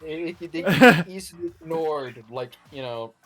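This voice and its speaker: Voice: mid-range voice, normal speed, fairly bright tone, no echo, faint music behind. A stream guest chatting in a laid-back, joking way. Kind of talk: casual chat.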